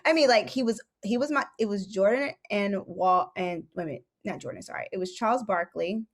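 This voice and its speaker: A woman in her thirties, a podcast guest telling stories in an animated, excitable way. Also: medium pitch, a little fast. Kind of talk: casual chat, storytelling.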